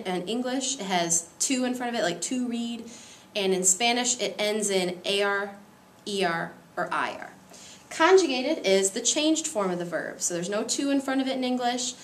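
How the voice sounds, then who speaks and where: A woman's voice: medium pitch, recorded from a distance, a little hiss or hum. Woman, teacher voice, patient step-by-step explaining, roomy echo, mic set back, faint ambience. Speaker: Spanish teacher. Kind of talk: classroom grammar lesson.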